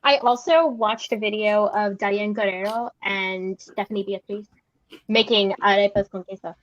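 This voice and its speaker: A woman chats playfully on a movie watch-along stream, quick to joke and react. Her voice sits at an ordinary pitch. It is recorded dry and close, without room echo. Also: dull audio. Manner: playful, expressive. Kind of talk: casual chat.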